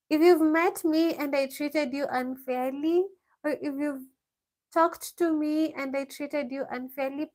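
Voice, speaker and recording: Woman vlogger, unhurried casual live-stream Q&A, reads each question aloud and answers it. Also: sits high. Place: village home.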